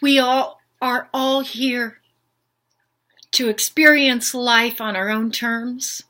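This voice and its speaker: A woman's voice: fairly high pitch, fairly even intonation, slow, sharp tone. An older woman speaking an unscripted, heartfelt monologue as a spiritual healer, earnest and pleading, with repeated questions. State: emotional.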